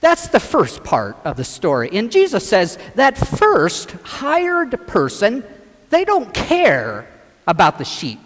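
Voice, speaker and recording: A man's voice: high-pitched, huge pitch swings, takes it slowly, fairly bright tone. A man, a priest, telling a gospel story with children acting it out, directing them as he goes. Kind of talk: children's sermon with acted gospel. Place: church. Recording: long church reverb.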